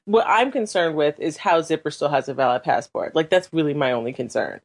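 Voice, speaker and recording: A woman's voice: sits low, a little fast. A woman co-hosting a podcast, chatting casually with sarcastic, emphatic complaints. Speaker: podcast co-host. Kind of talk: casual chat.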